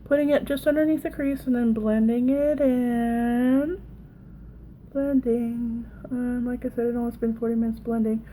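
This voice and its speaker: A woman's voice: a little high, steady tone, normal speed, mellow, a little hiss or hum, poor audio. A woman in her thirties with a Southern accent, chatting and rambling through a casual makeup tutorial. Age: 30s. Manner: chatty, rambling, self-deprecating. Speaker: makeup vlogger.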